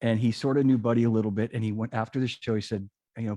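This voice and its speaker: Husky-voiced man hosting a podcast. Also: lowish voice, fast, few pauses, no echo. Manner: relaxed, hesitant, with fillers. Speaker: podcast host. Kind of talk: casual interview chat.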